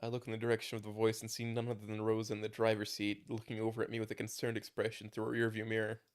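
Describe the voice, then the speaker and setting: Casting note: a low-pitched male reader narrating a story casually, tripping over a word now and then. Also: completely flat delivery, racing. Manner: reads with small stumbles and restarts. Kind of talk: casual reading of a fan story.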